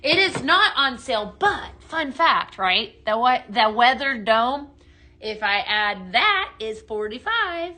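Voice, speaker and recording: A woman's voice: fairly high pitch, very animated, slow pace, sharp tone. A woman hosting a chatty live home-decor sales stream from her home, reading viewer comments aloud.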